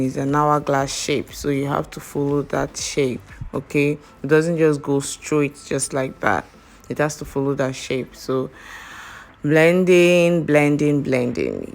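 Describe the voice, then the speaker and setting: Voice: medium pitch, creaky. A makeup artist recording a casual tutorial voiceover, chatty and full of fillers. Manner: chatty, heavy on fillers like "all right, so".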